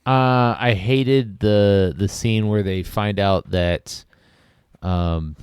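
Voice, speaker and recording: A man's voice: fairly low pitch, very slow, darkish tone, smooth, no room sound, studio quality. A man co-hosting a podcast, hesitant and agreeable in casual movie review chat. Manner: hesitant, agreeable, laughs easily. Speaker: podcast co-host.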